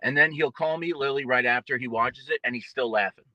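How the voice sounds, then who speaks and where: A young man being interviewed as a boxer, trash-talking with boastful, mocking swings in pitch. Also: fast, dry recording, lo-fi sound. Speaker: guest boxer. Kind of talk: casual trash talk interview.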